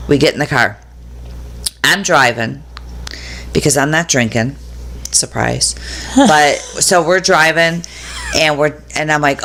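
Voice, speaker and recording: A middle-aged woman telling a story on a podcast, acting out both sides of the dialogue and breaking into loud laughing shrieks. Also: sits low, a little slow, pauses often, slight background noise. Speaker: podcast co-host. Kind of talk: casual storytelling chat.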